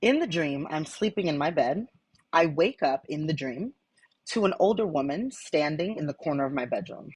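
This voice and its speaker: A woman's voice: deep voice, lively intonation, normal speed, darkish tone, slightly rough, no room sound, rough recording. A woman telling a personal ghost story in a casual, matter-of-fact and wry way.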